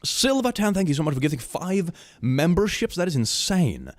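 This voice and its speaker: A young man chats on a home livestream, his voice swooping up and down as he reads fan memes and giggles along. He drops to hushed murmurs, then jumps into excited squeals. It is a dry, close recording with no room sound. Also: fairly high pitch, moderate pace, no room sound. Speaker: streamer reading fan memes. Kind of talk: casual livestream chat.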